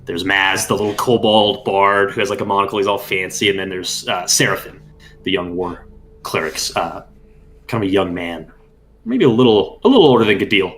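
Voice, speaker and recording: A man narrating a tabletop role-playing game as game master, describing scenes in a measured storytelling way. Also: low-pitched, a bit bright.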